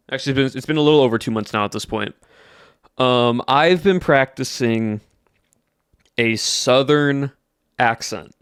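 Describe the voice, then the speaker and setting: A man's voice: mid-range voice, fairly bright tone, smooth, no echo, clean studio sound. A young man chatting casually to his livestream audience, rambling and restarting his sentences. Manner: rambling, self-correcting restarts. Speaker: streamer.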